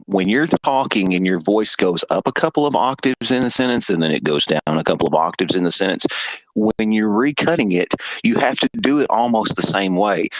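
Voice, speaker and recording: A man's voice: fairly low pitch, no echo, rough recording. A man co-hosting a casual podcast, a radio producer telling work stories in a blunt, self-assured way. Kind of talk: casual chat.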